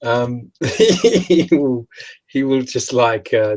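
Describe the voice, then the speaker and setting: Husky-voiced male player narrating a tabletop game, hesitant and chatty. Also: mid-range voice, takes it slowly, no echo, poor audio. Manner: hesitant, laughs often, many restarts. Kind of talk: tabletop role-play narration.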